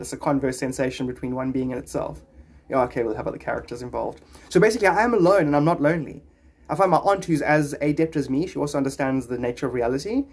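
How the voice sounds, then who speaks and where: A man's voice: on the high side, a little mellow, husky. A man livestreaming casually, chatting in a rambling way and greeting viewers by name.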